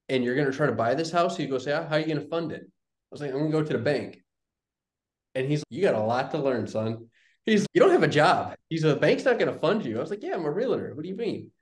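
Roomy-sounding young man telling stories. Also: mid-range voice. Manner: animated storyteller, acts out quoted dialogue. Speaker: guest, real estate investor. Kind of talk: casual storytelling in an interview.

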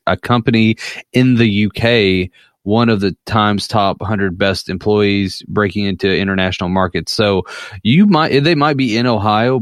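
A man's voice: lowish voice, dry recording, studio quality. A man co-hosting a podcast in casual chat, rambling with fillers and laughing often. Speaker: podcast co-host.

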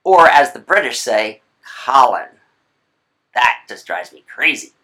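A writing instructor giving a recorded video lecture, chatty, with playful asides and quick self-corrections. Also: mid-range voice, lively intonation, pushed and bright.

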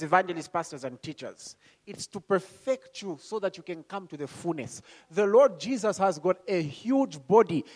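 A man preaching a sermon. He talks calmly and slowly, then rises to loud calls, asking the congregation questions and acting out voices. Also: high voice.

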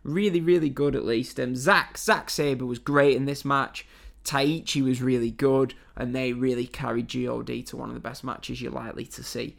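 An Englishman delivers a casual spoken review of wrestling matches, blunt and chatty, peppered with fillers and the occasional swear word. His gravelly voice sits at medium pitch, with fairly even intonation and a moderate pace.

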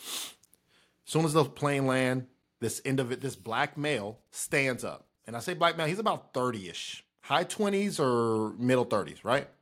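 Man, podcast co-host, casual slangy storyteller, medium pitch. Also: normal speed. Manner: relaxed, slangy, sets up stories with asides. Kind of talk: casual chat.

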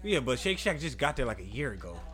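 A man's voice: mid-range voice, sing-song, fast. A man co-hosting a casual chat, laughing often and swearing freely. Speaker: podcast co-host.

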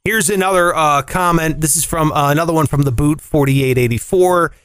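A man co-hosting a podcast, reading out listener comments in casual chat, animated and jokey, swearing and leaping up in pitch when he argues. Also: brisk, clean tone, no room sound.

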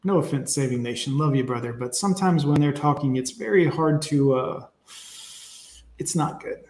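A man's voice: medium pitch, brisk, a little mellow, reverberant, slight background noise. A man hosting a live stream, reacting to clips and reading chat in a blunt, profane, preachy way. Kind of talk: casual live-stream commentary.

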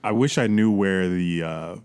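A man's voice: deep voice, unhurried, darkish tone, clean tone. A young man co-hosting a podcast, chatting casually with loose, profane jokes. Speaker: podcast co-host. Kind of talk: casual chat.

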